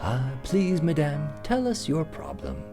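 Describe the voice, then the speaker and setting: A man reading aloud who voices a sharp, calm Victorian detective in an attempted British accent, with brisk, precise, gently reassuring speech. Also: on the high side, over music, pitched above the performer's own voice, exaggerated voice. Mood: confident.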